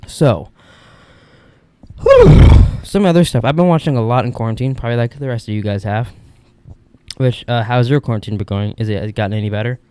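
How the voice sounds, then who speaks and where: A man's voice: medium pitch, fast, warm tone, clean tone, no echo. A young man hosting a podcast, telling stories in a casual, rambling, candid way from an upstairs room at home. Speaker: podcast host. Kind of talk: casual solo monologue.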